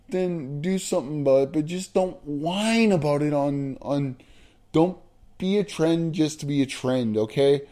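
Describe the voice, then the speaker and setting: Blunt ranting man, higher voice. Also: warm tone. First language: not American. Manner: blunt, profane ranting with drawn-out emphatic lines. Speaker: vlogger. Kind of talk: opinion rant vlog.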